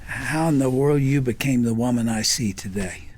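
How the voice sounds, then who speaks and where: An older man hosting a radio interview, asking questions in a slow, deliberate way. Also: mid-range voice, a little mellow. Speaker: radio host.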